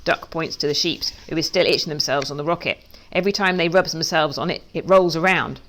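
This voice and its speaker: A woman, a children's author, reading her storybook aloud in a lively, playful way. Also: low voice, brisk.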